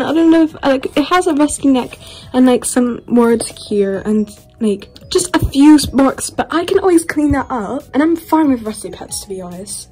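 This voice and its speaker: A woman's voice: high voice, animated, moderate pace, dark tone, slightly rough. A young woman from the UK, chatting in a gushing, rambling way while unboxing toys, with squeals and laughs. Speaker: toy collector vlogger. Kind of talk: excited unboxing chat.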